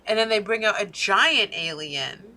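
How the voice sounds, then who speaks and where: A woman's voice: mid-range voice, animated, unhurried, bright, forceful tone. A woman co-hosting a podcast in casual chat, telling a story as a profane, worked-up rant. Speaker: podcast co-host.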